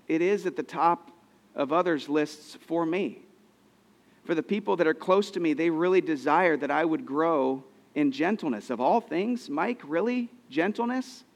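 A man's voice: fairly high pitch, moderate pace. A man preaching a sermon as a pastor, earnest and storytelling, with frequent repeated phrases.

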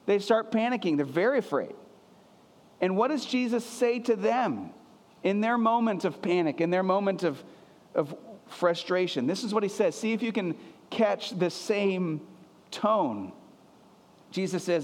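A man's voice: sits high, expressive, unhurried, in a large hall. A man preaching a sermon as a pastor, earnest and emphatic, often repeating his phrases for weight.

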